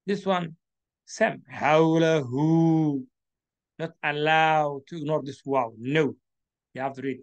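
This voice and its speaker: Slow, deliberate Somali-accented man teaching. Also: a little high, a bit bright, highs cut off. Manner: slow and deliberate, repeating and drawing out each syllable. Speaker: Quran reading teacher. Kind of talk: slow classroom instruction.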